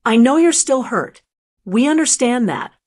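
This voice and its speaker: A woman voicing a manipulative middle-aged daughter-in-law who speaks smoothly with false concern. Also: on the high side, animated, measured pace, a little mellow, voice pushed up. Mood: coldly soothing.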